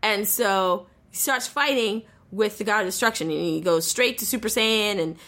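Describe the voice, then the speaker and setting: A woman in relaxed, casual conversation, telling a story with lots of energy. She acts out the characters' lines and swears freely as she goes. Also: mid-range voice, normal speed. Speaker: anime recapper in a casual chat. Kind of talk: casual chat.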